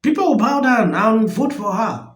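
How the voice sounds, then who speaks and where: A man's voice: high-pitched, lively intonation, moderate pace, echoey room, poor audio. A man hosting a reaction commentary channel, speaking emphatically and with disbelief.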